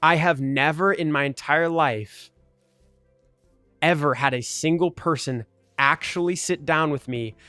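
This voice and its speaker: A man's voice: on the high side, a little slow, sharp tone, smooth, no room sound, soft background music. A man talking earnestly and argumentatively in casual commentary over gameplay, with lots of "like" fillers. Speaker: gaming video creator.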